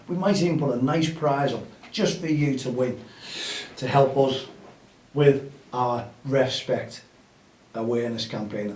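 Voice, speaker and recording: A man's voice: mid-range voice, darkish tone. A man chats in an upbeat, rallying way as host of a grassroots football show. He's outdoors and sounds a little distant from the mic. There's a roomy echo around his voice. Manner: chatty and upbeat, rallying listeners. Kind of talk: casual outdoor podcast chat.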